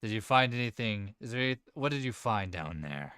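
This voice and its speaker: A man's voice: fairly low pitch, animated, brisk, sharp tone, clean tone, dry recording, clean studio sound, voice pushed down. A man voicing a terse male vigilante hero who halts and repeats himself. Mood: probing.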